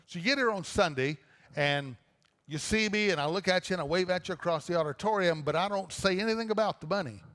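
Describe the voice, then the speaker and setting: Conversational preacher in a reverberant church. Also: male voice, high-pitched, fast talker, a bit bright. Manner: conversational preaching with repeated restarts. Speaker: pastor. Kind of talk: sermon. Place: church auditorium. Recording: long reverb of a church auditorium.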